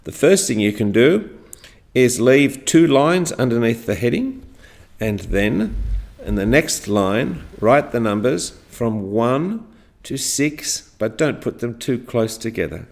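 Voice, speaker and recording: A man teaching a class, giving slow, deliberate instructions and spelling and counting aloud for his pupils. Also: vocal fry. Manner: exaggerated rising pitch on demonstration words.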